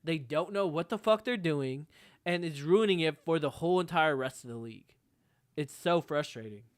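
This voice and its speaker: A man's voice: fairly high pitch, normal speed, clean tone, no echo, studio quality. A man co-hosting a sports podcast, venting in a heated, profane, exasperated rant. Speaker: podcast co-host.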